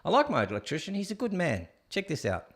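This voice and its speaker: A man's voice: fairly high pitch, huge pitch swings, fast, a bit bright. A man hosting a live stream show. He rants with sarcasm and talks straight to his viewers. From Australia. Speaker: host. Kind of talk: opinionated live-stream commentary.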